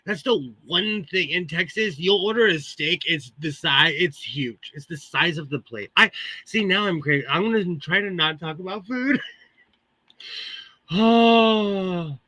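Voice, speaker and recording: A man's voice: high voice, expressive, unhurried, sharp tone, no room sound. A Californian man hosting a live sewing stream, chatting casually with viewers and laughing often between remarks. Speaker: livestream host. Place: home sewing room.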